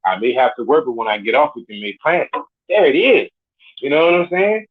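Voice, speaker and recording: A man's voice: mid-range voice, animated, fairly quick. A man of forty, a caller on a live show, ranting bluntly and with swagger, swearing constantly. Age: 40s. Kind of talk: profane rant. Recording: tinny phone line.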